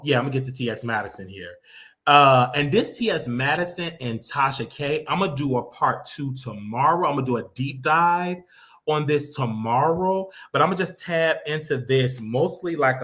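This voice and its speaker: A man's voice: medium pitch, fairly bright tone. Brash, mocking man hosting commentary. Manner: brash, mocking, trash-talking. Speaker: host. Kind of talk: casual commentary monologue.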